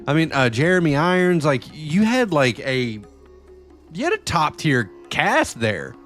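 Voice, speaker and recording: A man's voice: fairly high pitch, very animated, a little slow, a bit bright, faint music behind. A man chatting casually with viewers during a live game stream, loose and profane, often rambling. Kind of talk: casual live-stream chat while gaming.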